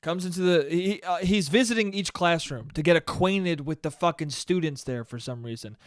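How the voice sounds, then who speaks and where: High-voiced, profane ranting man. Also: normal speed, no echo, studio quality. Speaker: podcast host. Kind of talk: solo comedic podcast monologue.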